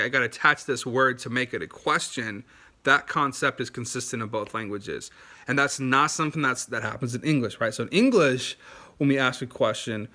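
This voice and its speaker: A man's voice: medium pitch, pushed and bright. A young man chatting casually to camera about learning languages, in a loose, rambling way with many fillers and restarts. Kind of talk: casual explanatory talk to camera.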